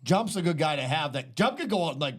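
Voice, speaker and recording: A man's voice: on the high side, animated, fast talker, a bit bright, slightly rough. A man hosting a podcast, rambling in casual profane banter with lots of fillers. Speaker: podcast host.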